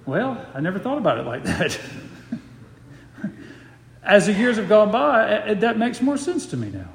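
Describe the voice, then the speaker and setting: A man's voice: sits high, huge pitch swings, gravelly. Man preaching in an echoey hall. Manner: slows to stress key phrases, repeats words. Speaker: pastor. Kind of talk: expository sermon. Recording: roomy hall reverb.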